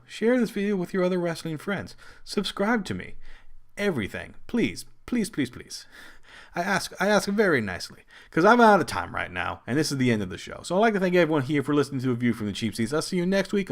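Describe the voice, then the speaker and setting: A man hosting his own wrestling show, talking casually and at length, with many restarts and sudden high jumps in pitch when he quotes people. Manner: rambling, animated, quick pitch jumps when quoting. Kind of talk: casual solo commentary.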